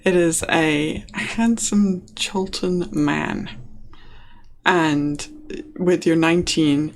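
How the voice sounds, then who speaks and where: A game master narrating a tabletop role-playing game in a hesitant, relaxed way with frequent ums. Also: mid-range voice, extremely slow, slight background noise. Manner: hesitant, lots of ums, laughs often.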